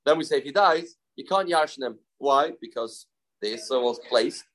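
A man's voice: mid-range voice, expressive, moderate pace, fairly bright tone, poor audio. A man teaching a Talmud lesson step by step, repeating his key points and mixing Aramaic and Hebrew terms into his English.

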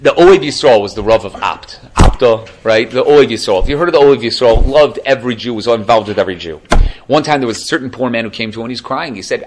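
Male rabbi, mid-pitched, animated storyteller for a Torah class. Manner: animated storytelling, quick asides. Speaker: rabbi lecturer.

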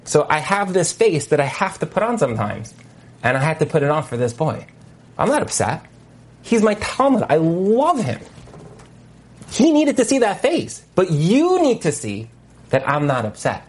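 A man putting on the voice of his old rabbi teacher, a jolly but strict older man who bursts out sternly and then speaks warmly. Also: huge pitch swings, moderate pace, breathy edge, heavily acted. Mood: gently explaining. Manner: booming stern outbursts, then warm.

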